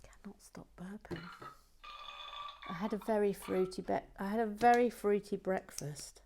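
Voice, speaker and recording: A woman hosting a brick-building livestream in whispered chat. She shifts from soft whispers to playful, excited asides. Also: mid-range voice, normal speed, slight background noise.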